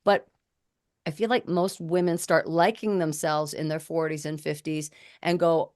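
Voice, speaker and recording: A woman's voice: deep voice, fairly even intonation, measured pace, a little mellow. A woman in her forties or fifties co-hosting a talk show, speaking frankly and telling personal stories. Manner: frank, storytelling with acted-out quotes. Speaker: podcast co-host, communication expert. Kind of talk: casual conversation.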